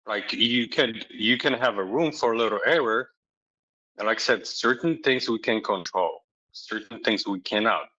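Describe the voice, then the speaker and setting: A man's voice: lowish voice, normal speed, bright, forceful tone. A man in casual chat giving blunt, straight-talking advice and teasing his partner. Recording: dull lo-fi sound.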